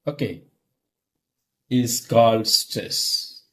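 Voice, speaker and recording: A middle-aged man, teaching slowly and repeating himself, often asking if the listener follows. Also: on the high side, very animated. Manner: slow, repetitive, checks understanding often. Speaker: English lecturer. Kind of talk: classroom-style teaching.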